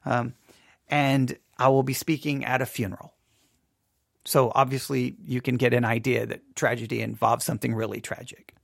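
A man, a pastor, talking through a personal update in an earnest, halting way, often repeating words as he searches for them. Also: mid-range voice, little pitch movement, vocal fry, no room sound, clean studio sound. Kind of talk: personal podcast monologue.

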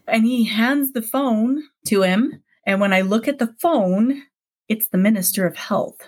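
A woman guest on a podcast interview, telling a personal story in a lively way, acting out the dialogue and laughing often. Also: medium pitch, measured pace.

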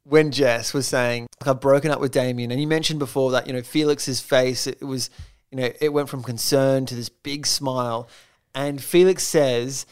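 A person, co-hosting a casual podcast recap, joking and jumping in with questions. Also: male voice, mid-range voice, fairly even intonation, normal speed, smooth. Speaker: podcast co-host.

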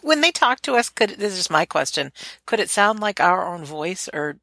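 An interview host asking questions in a gentle, encouraging way. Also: mid-range voice, sing-song, normal speed, gravelly, no echo.

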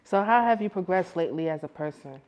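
Woman podcast host, lowish voice, quick affirming questions, dull lo-fi sound. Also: lively intonation, a little mellow. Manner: brief encouraging interjections and questions. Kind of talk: casual interview.

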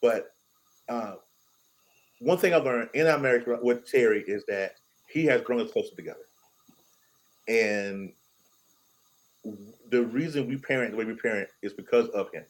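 A man's voice: mid-range voice, moderate pace, pauses often, poor audio. A man on a podcast panel speaking candidly and emotionally about family life in casual chat. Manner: candid, emotional, talks in restarts.

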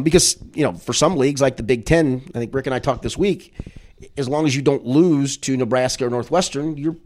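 A man talking college basketball on a podcast, animated and thinking aloud. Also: mid-range voice. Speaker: basketball analyst guest. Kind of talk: casual sports chat.

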